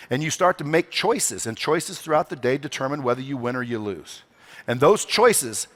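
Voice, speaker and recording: A man speaking from a conference stage to a live crowd, at a mid pitch for a man. He talks in a brash, salty style, swearing freely. He hammers the room with rhetorical questions. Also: fairly bright tone. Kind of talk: motivational stage talk. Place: conference hall stage before a live audience.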